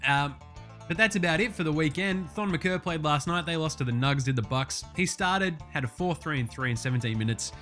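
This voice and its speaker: An Australian man hosting a casual sports chat, excitable and full of profane, matey banter. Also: fairly high pitch, fairly quick, soft background music. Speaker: sports show host.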